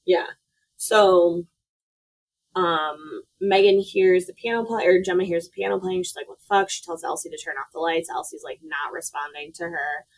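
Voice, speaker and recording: Brief: female podcast co-host, lower voice, relaxed profane recap. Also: moderate pace, rough recording. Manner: loose, profane, filler-heavy storytelling. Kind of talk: casual movie recap.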